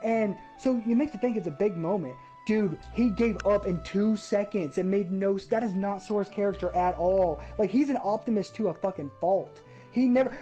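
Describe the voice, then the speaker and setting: A woman's voice: medium pitch, normal speed, highs cut off, faint music behind. A woman ranting about a game in casual chat, swearing freely and getting worked up. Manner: profane, ranting, animated. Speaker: gaming podcast host.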